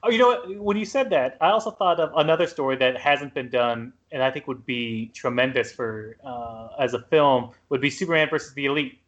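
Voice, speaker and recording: A man's voice: mid-range voice, brisk, few pauses, fairly bright tone, highs cut off. A man hosting a podcast in casual chat, playful and joking. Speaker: podcast host.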